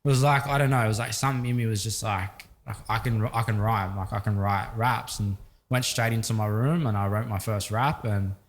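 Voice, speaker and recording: Speaking fairly quickly with hardly any pauses, this young Sydney rapper has a fairly low-pitched voice and an Australian accent. As a guest in a casual interview, he tells stories in a relaxed way, stuffed with fillers.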